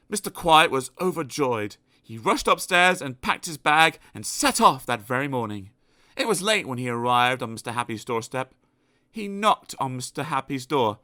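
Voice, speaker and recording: Man reading a kids' storybook, bright voice, swoops up and down a lot, takes his time. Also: medium pitch, normal speed, no room sound, clean studio sound. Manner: expressive, animated storytelling. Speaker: audiobook narrator.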